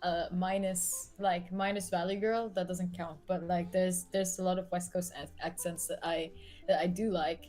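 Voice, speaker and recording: A woman from the United States co-hosting a relaxed online chat, with lots of fillers and giggles. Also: fairly low pitch, moderate pace, soft background music. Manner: easygoing, giggly, filler-heavy. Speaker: podcast co-host. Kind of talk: casual chat.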